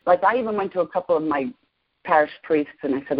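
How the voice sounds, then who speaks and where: A woman in her sixties, a podcast guest, excitedly and emotionally telling a personal story. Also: sits low, fast talker. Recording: lo-fi podcast audio.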